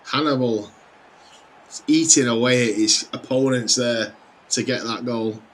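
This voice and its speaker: A man commentating on his own football video game with energetic, exclamatory play-by-play. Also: medium pitch, measured pace, slight background noise. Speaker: gaming YouTuber.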